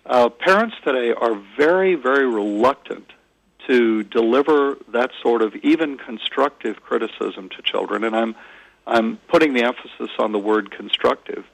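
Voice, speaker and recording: A man with a gravelly, creaky voice speaks as a guest in a radio interview, explaining parenting views in an earnest, measured way. His delivery is close and dry, with frequent small hesitations as he builds his points. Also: mid-range voice, no echo, low-quality recording.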